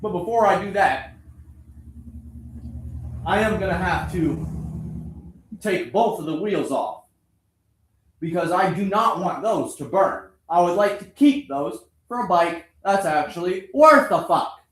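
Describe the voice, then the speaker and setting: A motorbike vlogger, wrenching and ranting to the camera, angrily and sarcastically swears at an engine that won't turn over, a little out of breath. His voice sits high and is expressive and fairly bright, unhurried with frequent pauses, and the sound is roomy.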